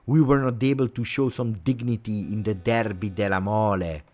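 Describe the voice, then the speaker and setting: A man with an Italian accent rants angrily during a live football watch-along. His voice sits fairly low, and he hammers the same words over and over as he vents. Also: steady tone, normal speed, darkish tone. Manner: angry, repetitive ranting. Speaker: fan channel host.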